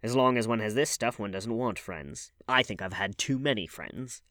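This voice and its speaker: A man voicing a listless, worn-out young man who speaks flatly and wearily. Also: fairly low pitch, normal speed, no echo, clean studio sound, lightly acted. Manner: flat, listless delivery. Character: listless, weary young man, ruined and numb.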